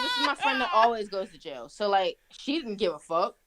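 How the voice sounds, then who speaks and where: A woman's voice: medium pitch, big pitch swings, a little fast, very noisy. A young woman telling wild stories in casual, profane chat, laughing as she goes. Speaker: guest. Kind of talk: casual storytelling.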